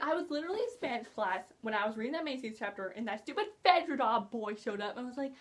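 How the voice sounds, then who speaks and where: A young woman with a somewhat high voice reviews a book for her vlog. She talks casually and gushes, rambling emotionally with plenty of fillers. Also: expressive, fairly quick. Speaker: book vlogger.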